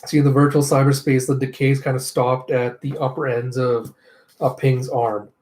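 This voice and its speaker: A man with a mid-range voice hosts a casual comic readthrough. He narrates in a chatty, relaxed manner, sprinkling in spoken sound effects. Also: medium pitch, moderate pace.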